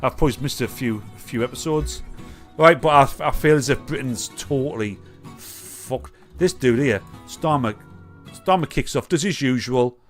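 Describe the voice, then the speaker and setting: A man's voice: medium pitch, normal speed, soft background music. A young man from England hosting a live stream, ranting casually with lots of swearing and reading out chat comments. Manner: swearing, rambling, reads chat comments aloud. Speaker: livestream host.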